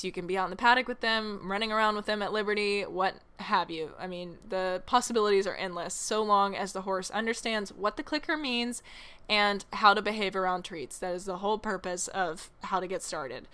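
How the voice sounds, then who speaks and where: Bright, crisp-voiced woman podcast host. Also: mid-range voice. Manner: chatty, laughs often, self-mocking asides. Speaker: podcast host and horse trainer. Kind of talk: casual solo podcast teaching.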